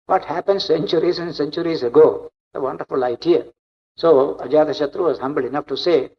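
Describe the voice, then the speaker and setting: Monk lecturer, slightly high voice, dull old lo-fi recording. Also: male voice, moderate pace. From India. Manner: explanatory, repetitive, emphatic. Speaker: monk giving a spiritual discourse. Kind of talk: spiritual lecture.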